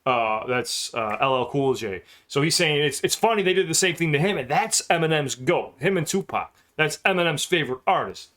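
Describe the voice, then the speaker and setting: A man hosting a casual music reaction, breaking down lyrics with excited, profane commentary. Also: fairly high pitch, normal speed, hardly any pauses, slight background noise.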